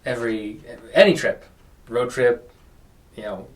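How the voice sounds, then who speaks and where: A man's voice: medium pitch, measured pace. A young man hosting a podcast in casual chat, rambling with lots of fillers and acting out quotes. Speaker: podcast host. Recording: voice distant from the mic.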